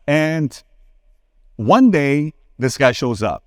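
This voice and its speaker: Brief: man in his 40s, conference speaker, animated storyteller, close and dry sound. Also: drawn-out words, dry recording. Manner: animated, acts out dialogue with sudden pitch jumps; addresses crowd directly, asks for a show of hands. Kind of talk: live Q&A on stage, storytelling. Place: conference hall stage.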